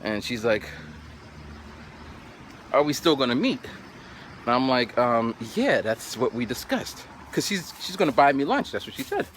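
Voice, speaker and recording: A man in his forties tells a casual story to his viewers, his pitch jumping around as he acts out each quote. He keeps picking the thread back up with "so then." Faint traffic hums in the background outdoors. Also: normal speed, hardly any pauses. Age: 40s. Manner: animated anecdote telling, acts out quotes, repeats "so then". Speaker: vlogger.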